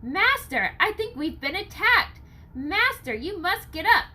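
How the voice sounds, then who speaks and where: A woman's voice: very high voice, big pitch swings, a little slow, sharp tone, pitched above the performer's own voice, heavily acted. A woman voicing an alarmed young apprentice boy calling out in a storybook reading. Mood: urgent.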